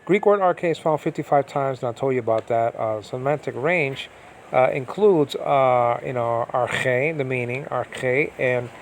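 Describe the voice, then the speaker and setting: A man's voice: mid-range voice, a little slow, slight background noise. A man teaching biblical Greek in an informal, rambling way, with many fillers and restarts, often asking if listeners follow.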